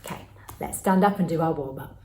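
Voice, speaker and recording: A woman teaching a lively class for young children, in a sing-song, encouraging way, calling out actions for them to copy. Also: low-pitched, brisk. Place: home room with a child helper. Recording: echoey room, mic at a distance.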